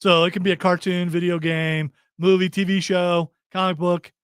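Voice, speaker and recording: Middle-aged man, podcast host, fairly high voice, dry studio sound, playful teasing banter. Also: level tone, smooth, no echo. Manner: playful, teasing, fires off quick questions. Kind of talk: casual pop-culture chat.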